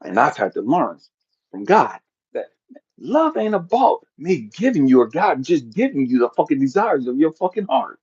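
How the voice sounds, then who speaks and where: A middle-aged man giving a blunt, profane motivational talk, animated and jumping to shouts for emphasis. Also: a little high, moderate pace, breathy edge, highs cut off. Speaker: motivational speaker.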